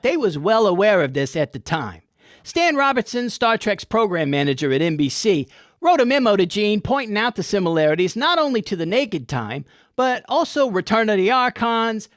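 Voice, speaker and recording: A man's voice: sits high, dry recording, studio quality. A man hosting a comic episode review, with irreverent, folksy and profane wit. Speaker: host.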